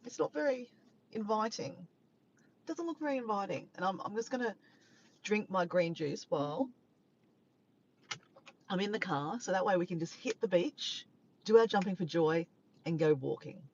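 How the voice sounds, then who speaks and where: A woman's voice: mid-range voice, lively intonation, normal speed, pauses often, a little mellow, muffled recording, slight background noise. A woman with an Australian accent, chatting casually to a live stream from her parked car, rambling and tripping over her words. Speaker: vlogger.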